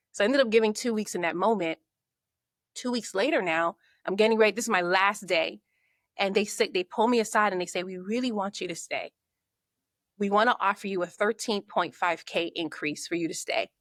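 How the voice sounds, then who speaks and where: A woman, a podcast guest and marketing coach, telling her story in a lively way and acting out her own thoughts. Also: mid-range voice, fairly quick, no echo, clean studio sound. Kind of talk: conversational storytelling.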